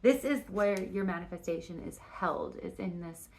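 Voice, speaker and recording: A woman's voice: on the low side, normal speed, darkish tone. A woman giving a casual spoken tarot reading, rambling and restarting her sentences, with frequent fillers and casual swearing. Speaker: tarot reader.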